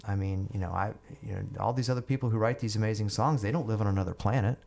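A middle-aged man with a fairly low voice tells his story as a podcast guest. He talks chattily, stumbling over repeated words. He slips into playing the people in his tale. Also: quick pace, vocal fry, darkish tone. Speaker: guest musician.

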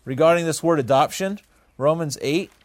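A man's voice: on the high side, moderate pace. Conversational male Bible teacher. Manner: conversational, asks the audience questions, frequent uh fillers.

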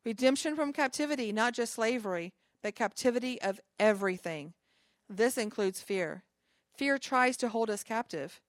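A woman's voice: on the high side, expressive, moderate pace, dry recording. Chatty woman pastor, dry close sound. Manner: conversational, reads and quotes scripture, chatty asides. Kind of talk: informal sermon to a small group.

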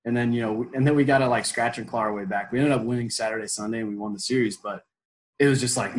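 A man in his twenties telling a story as an interview guest, animated and full of fillers, bursting into loud quoted pep talks. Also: mid-range voice, fast talker, rough recording. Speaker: former college baseball player, guest.

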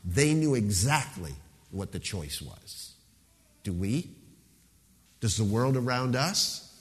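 A man pastor preaching a sermon with emphasis, slowing down to stress key words. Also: on the low side, sing-song, big-room sound.

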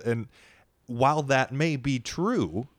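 A man co-hosting a casual faith discussion, calmly explaining points and building on his partner's ideas. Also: medium pitch, slow, no room sound. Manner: calm, explanatory, builds on the other host's points.

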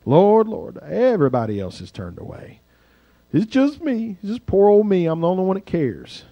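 A man's voice: high-pitched, sing-song, normal speed, no room sound, muffled recording, voice pushed up, full character voice. A man voicing a whiny, self-pitying prophet who complains that no one else cares. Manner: whining, sulky.

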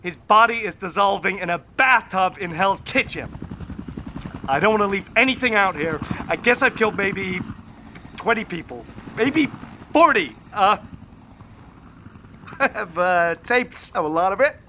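A man's voice: sits high, animated, measured pace, pauses often, bright, forceful tone, slight background noise, heavily acted. An actor playing an unraveling young male killer confessing over the phone, rambling with nervous laughs and hesitations. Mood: manic confession. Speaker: film character.

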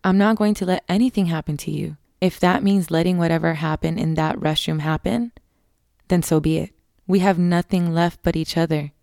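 A woman's voice: on the low side, fairly even intonation, moderate pace, gravelly, a little mellow, no room sound, studio quality. A woman voicing a young woman who earnestly pleads to protect her younger sister. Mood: pleading.

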